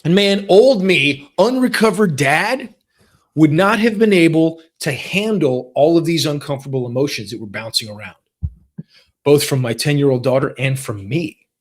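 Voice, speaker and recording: A man in his forties hosts a casual solo podcast, talking in a fairly high voice. He tells stories with animation, jumping his pitch around when he acts out the people in them. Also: moderate pace. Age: 40s. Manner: animated storytelling, quoting family members in lively voices. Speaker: podcast host.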